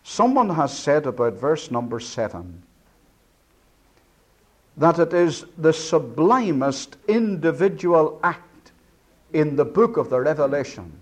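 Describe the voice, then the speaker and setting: A man preaching an expository sermon, breaking down words slowly and swinging from booming to hushed. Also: animated.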